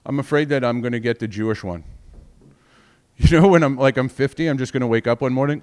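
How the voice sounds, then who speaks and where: Smooth-voiced rambling comic man. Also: medium pitch, fast, a little mellow. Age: 40s. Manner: rambling, profane, self-mocking. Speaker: stand-up comedian. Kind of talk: stand-up comedy set.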